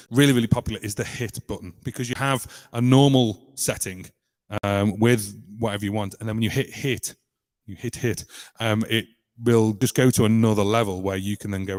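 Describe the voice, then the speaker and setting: A man from the United Kingdom casually explaining his loop pedal setup during a live stream, chatty and hesitant, with filler pauses. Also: lowish voice, fairly even intonation, big-room sound. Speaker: musician demonstrating a loop pedal.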